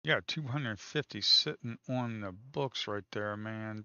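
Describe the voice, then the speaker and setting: A man's voice: lowish voice, a little slow, pushed and bright, clear, resonant tone, no echo, dull audio. A man commenting casually on live trading, talking to viewers as folks, swearing and teasing the market. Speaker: day trader streaming live.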